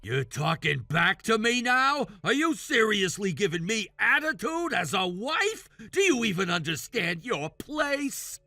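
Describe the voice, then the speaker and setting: A man voicing a demanding, sexist jobless brother-in-law in his thirties for a text message story, yelling orders and insults. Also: high-pitched, very animated, a little slow, few pauses, no room sound, full character voice. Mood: angry. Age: 30s.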